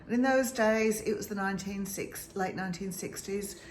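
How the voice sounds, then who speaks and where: A woman's voice: mid-range voice, a little hiss or hum. Earnest woman from northern England, emotional. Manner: earnest, emotional, halting with restarts. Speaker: sleep consultant. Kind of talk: personal storytelling to camera. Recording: roomy echo with faint ambience.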